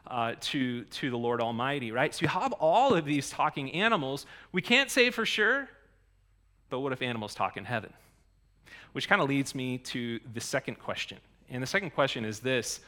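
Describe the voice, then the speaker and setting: Male pastor, chatty sermon delivery, slightly high, bright and forceful tone. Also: moderate pace. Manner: conversational, animated, self-interrupting with asides.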